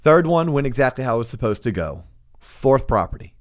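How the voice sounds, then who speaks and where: A middle-aged man hosting a podcast, telling a work story in a casual, animated way, acting out the voices he quotes, with stammered restarts. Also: medium pitch, brisk. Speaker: podcast host and loan officer.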